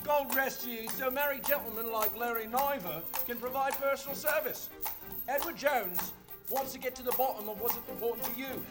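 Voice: mid-range voice, normal speed, close to an everyday voice. Actor as a jovial Cockney comedian showing off his carriage, music underneath. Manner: jovial, hearty chuckling. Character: Cockney comedian man turned carriage driver, cheerful and boastful. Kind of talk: radio play acting on stage.

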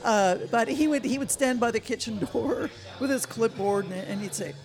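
Animated woman telling a story. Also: a little high, moderate pace, soft background music. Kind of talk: casual storytelling.

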